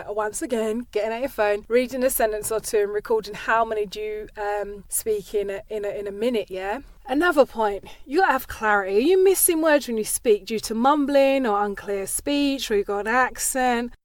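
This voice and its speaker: A woman's voice: a little high, no room sound, clean studio sound. Chatty Cockney woman coaching speech. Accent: East London Cockney. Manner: chatty, fast, tag questions like "yeah?" and "right?". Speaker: voice and speaking coach. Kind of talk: podcast speaking tips.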